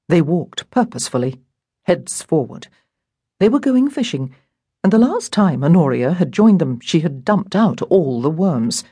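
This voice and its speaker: A woman narrating a novel in a measured storytelling manner. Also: sits low, big pitch swings, mellow, breathy edge, no room sound, clean studio sound. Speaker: audiobook narrator. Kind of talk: scripted narration.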